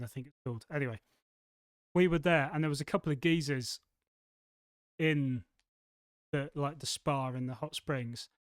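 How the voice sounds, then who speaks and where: A man from England co-hosting a podcast, telling stories in a rambling, animated way. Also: on the high side, clear, resonant tone, dry recording. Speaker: podcast co-host. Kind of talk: casual chat. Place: studio.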